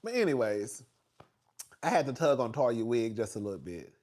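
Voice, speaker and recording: A young man chats animatedly and casually about reality TV, gossiping with plenty of fillers and quick laughs. As a reality TV commentator, he gets loud and high-pitched whenever he's excited.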